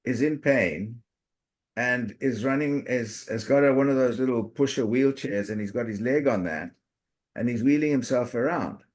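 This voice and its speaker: Man, life coach host, slow unhurried delivery, emphatic. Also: mid-range voice, a little mellow. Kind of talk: coaching conversation.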